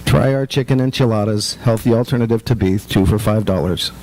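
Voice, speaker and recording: A man voicing a bored store worker handing out samples, in a flat, droning monotone. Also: lowish voice, fairly quick, voice pushed down, close to an everyday voice, rough recording.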